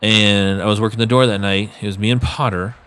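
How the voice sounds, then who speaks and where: Male guest, deeper voice, animated raconteur, casual and profane. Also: brisk, clean tone. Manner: animated storyteller, acts out quotes, swears casually. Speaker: podcast guest, former bouncer. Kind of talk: casual late-night storytelling.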